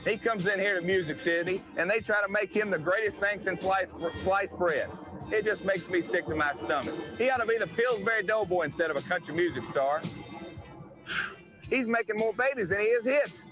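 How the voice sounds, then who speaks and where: A man's voice: high-pitched, fairly quick, voice pushed up, lightly acted. A man with a Tennessee accent playing a boastful, mocking country-singer wrestler in a twangy promo voice. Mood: cocky boastful. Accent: Southern US (Tennessee). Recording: archival clip with loud guitar music.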